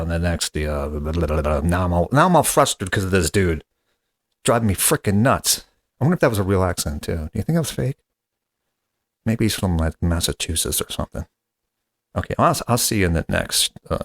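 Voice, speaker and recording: Male comedy podcast host, lower voice, casual rambling delivery with exasperated asides. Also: animated, a little fast, gravelly.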